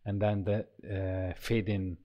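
Slow, halting man demoing software. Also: sits low, little pitch movement, highs cut off. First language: Italian. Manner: halting, many fillers and restarts, searching for words. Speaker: composer reviewing a choir sample library. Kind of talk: casual software walkthrough.

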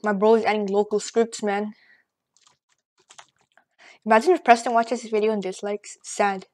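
A woman rambling excitedly through casual gameplay commentary, out of breath and joking as she goes. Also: mid-range voice, moderate pace, pauses often. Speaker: gaming channel host. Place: at home at a computer.

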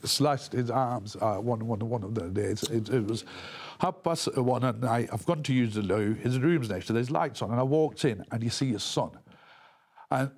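A man giving an emotional news interview, talking haltingly with many restarts and repeated words. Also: medium pitch, darkish tone, breathy edge. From England.

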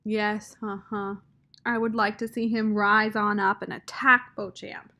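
A woman's voice: medium pitch, level tone, unhurried, sharp tone. A woman voicing a plainspoken older woman who talks in folksy dialect and sets others straight firmly. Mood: fired up. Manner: folksy dialect, firm and matter-of-fact.

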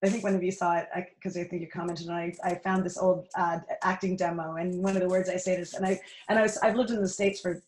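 A woman's voice: on the low side, little pitch movement, quick pace, hardly any pauses, a little mellow, echoey room, low-quality recording. A middle-aged Canadian woman with a Canadian accent, guest on a podcast, speaking in an earnest, reflective way with frequent restarts. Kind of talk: casual interview conversation.

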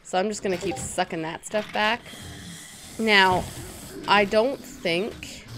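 A woman hosting a casual let's-play, chatty and self-mocking, quickly startled into yelps. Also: fairly low pitch, fairly bright tone, slight background noise. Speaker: gaming channel host.

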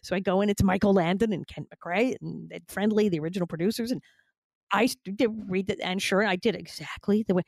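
A woman's voice: medium pitch, brisk, vocal fry, no echo, studio quality. A woman in her fifties, a guest actress, telling anecdotes animatedly and laughing often. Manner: animated, laughing often, quoting others with exaggerated tones. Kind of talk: anecdotal storytelling.

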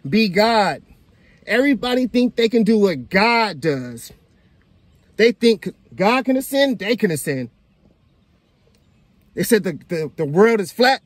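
A man hosting a casual reaction video, animated and laughing as he talks straight to his viewers. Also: sits high, unhurried, pauses often, no echo. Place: outdoors in the sun.

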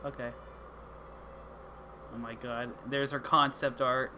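A man's voice: medium pitch, little pitch movement, slow pace, bright, forceful tone, a little hiss or hum. A man giving casual, joking let's-play commentary, swearing often and restarting his sentences. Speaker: gamer playing through a game.

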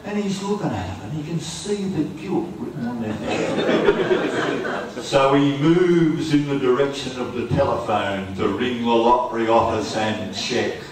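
An Australian man, a folk singer and storyteller, telling a droll, quick family yarn to a live workshop audience. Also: mid-range voice, heavy reverb, recorded from a distance, noisy background. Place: festival workshop room with audience.

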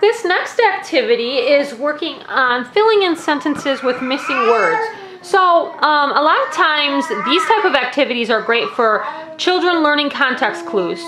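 A young woman casually demonstrating classroom activities, explaining each step with friendly "um"s. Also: high-pitched.

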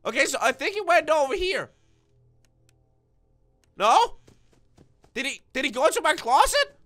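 A man's voice: extremely high pitch, big pitch swings, a little slow, long pauses, sharp tone, soft background music. A man giving let's-play commentary, nervous and stuttering, who bursts into screams when startled. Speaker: gaming video creator.

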